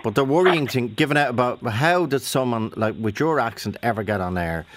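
A man's voice: medium pitch, lively intonation, brisk. Chatty Dublin radio host, man. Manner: chatty, interrupting, self-deprecating. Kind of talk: casual radio chat.

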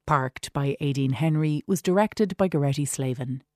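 An Irish continuity announcer reading radio play credits in a measured, formal way. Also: mid-range voice, mellow, no room sound, studio quality.

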